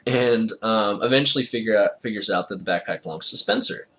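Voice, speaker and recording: A man's voice: lowish voice, fairly quick, fairly bright tone. A young man telling a casual personal story, rambling with lots of fillers and frequent laughter.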